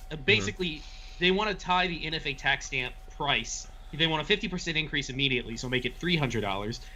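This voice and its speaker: A man talking as a podcast guest, making blunt, quick remarks. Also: mid-range voice, sharp tone. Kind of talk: casual chat.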